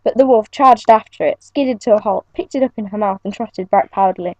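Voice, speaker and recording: A young woman reading her own adventure story aloud, in an earnest, steady storybook manner. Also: medium pitch, fairly quick, no room sound. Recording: muffled lo-fi home recording.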